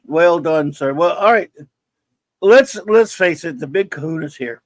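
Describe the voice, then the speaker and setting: A man with a slightly high voice hosts a livestream show in teasing, playful patter. His voice sounds close and dry, with no room around it. He hypes things up like a showman. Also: expressive, unhurried, no echo. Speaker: podcast host. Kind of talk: casual livestream chat.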